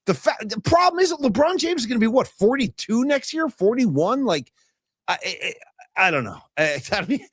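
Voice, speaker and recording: A man co-hosting a sports podcast, ranting in an animated, exaggerated way in casual chat. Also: very high-pitched, moderate pace, breathy edge, no room sound, studio quality. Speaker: podcast co-host. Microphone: headphones and desk mic.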